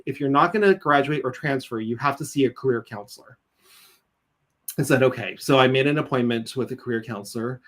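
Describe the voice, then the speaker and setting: A man from California, a nursing executive guest in an interview, telling stories animatedly and acting out quotes. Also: mid-range voice. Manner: animated storyteller, acts out quotes, laughs. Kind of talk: interview conversation, storytelling.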